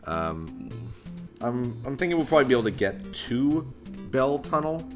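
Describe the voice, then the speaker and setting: Rambling Canadian let's-play host. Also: male voice, medium pitch, very animated, normal speed. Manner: joking, rambling, self-deprecating. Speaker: gaming channel host. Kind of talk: casual let's-play commentary. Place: home room, construction outside. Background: game music.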